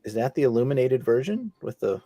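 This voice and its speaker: A man hosting a casual live chat over a video call, moving the talk along with quick questions. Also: medium pitch, big pitch swings, warm tone, no echo.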